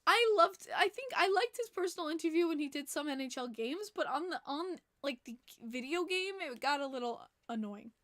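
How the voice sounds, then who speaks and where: A woman hosting a casual hockey podcast, animated and laughing often, swearing freely. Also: sits high, moderate pace, few pauses, no echo, clean studio sound. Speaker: podcast host.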